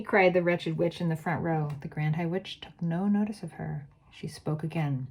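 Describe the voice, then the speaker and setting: A woman reading a children's book aloud, measured, dropping to a whisper at tense moments. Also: low-pitched, fairly even intonation, gravelly, darkish tone. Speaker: read-aloud narrator.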